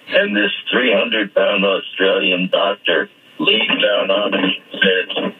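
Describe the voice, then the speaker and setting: Raspy older man on a phone line. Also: wildly swooping pitch, measured pace. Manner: whimsical, jumps into high squeaky bursts. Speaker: guest. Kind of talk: playful anecdotal storytelling.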